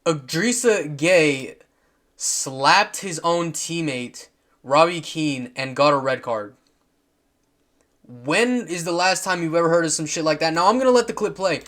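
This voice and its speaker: Male vlogger, slightly high voice, loose and profane, rambling football commentary full of fillers and restarts. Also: expressive, unhurried, fairly bright tone. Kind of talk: casual football commentary over clips.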